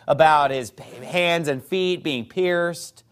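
Preacher, male, slightly high-pitched, lively sermon delivery, reads King James scripture aloud. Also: slow pace, smooth. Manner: animated, acts out opponents' voices.

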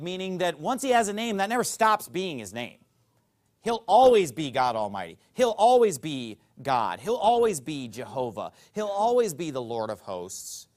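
A man preaching a sermon as pastor, emphatic and fond of rhetorical questions. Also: high voice.

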